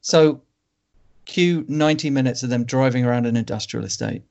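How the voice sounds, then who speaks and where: A man co-hosting a film podcast, rambling through a plot summary with wry asides. His voice sits at an ordinary pitch. The recording is slightly dull and lo-fi. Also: moderate pace, vocal fry, very noisy. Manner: wry, rambling, laughs at bad films. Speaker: podcast co-host. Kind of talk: casual film review chat. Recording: dull lo-fi sound.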